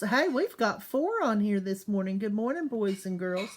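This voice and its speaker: A woman teaching young children in a slow online class, patiently sounding out words syllable by syllable. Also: medium pitch, lively intonation.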